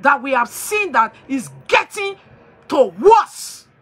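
Emphatic high-voiced woman host. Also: very animated, slow pace, fairly bright tone. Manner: emphatic and preachy, slipping into pidgin. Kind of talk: talk show commentary.

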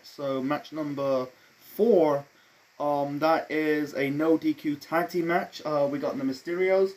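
A man's voice: on the high side, a little mellow. A man giving a casual solo review of a wrestling event, rambling with many fillers and restarts, blunt and offhand.

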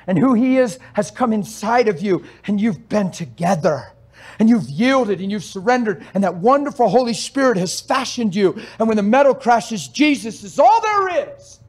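Male preacher, fairly high voice, animated storytelling, loud exhortations and quiet asides, laughs mid-story. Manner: laughs while telling stories. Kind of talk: sermon.

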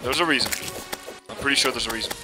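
A young man giving casual, excitable commentary over his own gameplay, laughing often and talking back to enemies on screen, with game music playing behind him. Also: medium pitch, very fast. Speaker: gameplay video host. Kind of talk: casual let's-play commentary.

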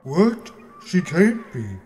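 A man voicing an eager, hurried male harbor tugboat, with music behind. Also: medium pitch, a little hiss or hum, lightly acted. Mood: hurried, alarmed. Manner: hurried, excitable.

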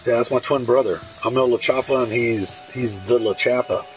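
Male gaming streamer, mid-pitched, excitable and profane play-by-play, game music underneath. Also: moderate pace, rough recording. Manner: excitable, profane, hyping a fellow player. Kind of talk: casual gameplay commentary.

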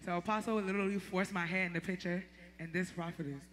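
A woman giving a lively, laughing testimony before a church congregation. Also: lowish voice, fast. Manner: animated, laughing storyteller, turns emotional. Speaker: church member giving a tribute.

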